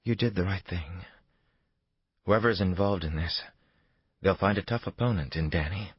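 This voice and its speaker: A tense woman on the run, as a male narrator puts her on. She speaks urgently and earnestly, in a raised but still husky register. The sound is dry and a bit dull. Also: deep voice, moderate pace, dry recording.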